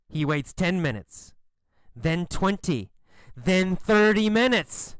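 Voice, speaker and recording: A man narrating a short story for English learners, slow, clear and expressive. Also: high-pitched, no room sound.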